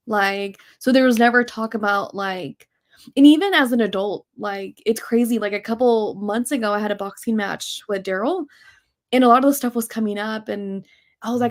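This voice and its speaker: A woman with a slightly high voice speaks candidly in a casual talk show conversation. She tells her story in an animated way, scattering fillers through her sentences. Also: moderate pace.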